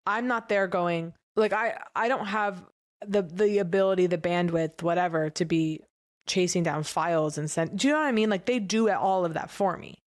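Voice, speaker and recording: A woman co-hosting a podcast in casual chat, telling stories with animated energy and acting out what other people said. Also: fairly low pitch, moderate pace. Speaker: podcast co-host.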